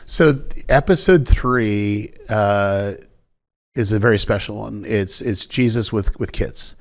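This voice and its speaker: Animated man telling a story. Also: lowish voice, takes it slowly. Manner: animated storyteller, acts out quoted voices, repeats words. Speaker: executive producer guest. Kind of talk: conversational storytelling interview.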